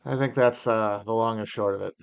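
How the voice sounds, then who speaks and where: A man's voice: fairly low pitch, fairly even intonation, a little fast, creaky, clean tone. A man in his thirties hosting a casual livestream Q&A, talking in a rambling, wry way with fillers and sighs. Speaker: podcast host on a live stream. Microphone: home streaming mic.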